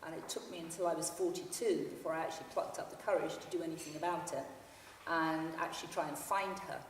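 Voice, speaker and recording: A woman in her fifties reads from her memoir to a library hall audience, her storytelling dry and understated. Her voice sits low and steady, and she talks fast. The far-off mic picks up an echoey hall and a faint hiss or hum.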